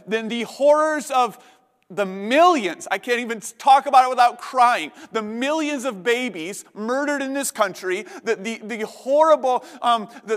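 High-voiced impassioned preacher in a hall. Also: male voice, a bit bright. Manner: impassioned, repeats words as he builds. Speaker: pastor. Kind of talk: sermon.

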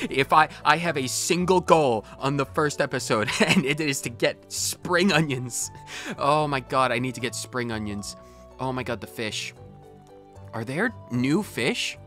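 A man narrates his own gameplay with giddy, gushing enthusiasm, exclaiming again and again. His pitch swings widely from low to high as he reacts. Soft game music plays faintly behind him. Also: takes it slowly. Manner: gushing, excitable, repeatedly exclaiming. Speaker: gaming channel host. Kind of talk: let's play commentary.

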